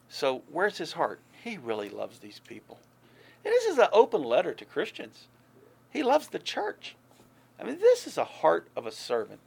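Gravelly-voiced man preaching conversationally. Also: medium pitch, huge pitch swings, normal speed, darkish tone. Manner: conversational, earnest preaching with folksy asides. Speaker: pastor. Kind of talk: sermon.

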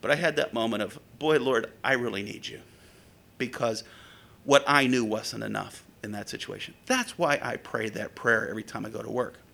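A man's voice: fairly quick, vocal fry. A middle-aged man, preaching a sermon and telling stories from his years as a police officer in a conversational way. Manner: conversational storytelling with lively pitch swings. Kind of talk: sermon with storytelling.

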